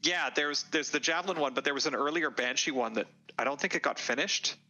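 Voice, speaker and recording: A man's voice: fairly high pitch, a little fast, bright, forceful tone, a little hiss or hum, rough recording. A man chatting casually while playing, often restarting his sentences.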